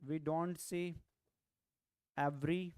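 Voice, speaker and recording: A man's voice: a little high, fairly even intonation, slow, darkish tone, smooth, no echo. A man with an Indian English accent teaches vocabulary in an online lecture, often repeating key phrases and asking "right?" to check in. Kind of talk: online exam-prep lecture.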